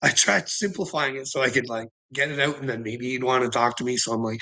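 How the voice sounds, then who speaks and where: A man's voice: medium pitch, fast talker, hardly any pauses, bright, forceful tone. A man giving a rambling livestream monologue, swearing constantly, laughing often and speaking emphatically.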